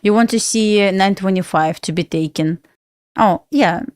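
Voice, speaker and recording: A trading livestream is hosted by a Belarusian woman whose accent shows; her mid-range voice is smooth and a little mellow at a moderate pace. She chats casually, reads out viewer questions, answers them, and laughs often, captured in studio quality with no room sound.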